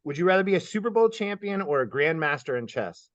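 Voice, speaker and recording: Brief: upbeat male host from Kansas City, animated higher voice, dull slightly muffled recording, stammers and laughs a lot. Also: fast talker, no room sound. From Kansas City, United States. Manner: upbeat, laughs often, stammers and repeats words. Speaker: host and geometry teacher. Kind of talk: lightning-round interview questions.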